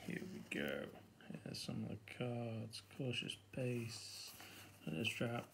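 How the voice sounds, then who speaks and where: A British man hosting a board game unboxing, chatting casually and getting easily excited, laughing to himself. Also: mid-range voice, slow, gravelly, background noise.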